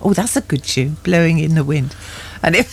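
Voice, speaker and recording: A woman's voice: deep voice, expressive, normal speed, vocal fry, slight background noise. A middle-aged woman co-presenting a radio show, bantering in a giggly, mock-indignant way. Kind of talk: casual radio chat.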